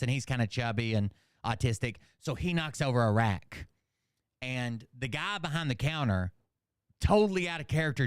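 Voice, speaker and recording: A man casually recapping a movie in a profane, animated rant, acting out the characters with sudden shouts. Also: mid-range voice, smooth, no room sound, clean studio sound. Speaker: channel host.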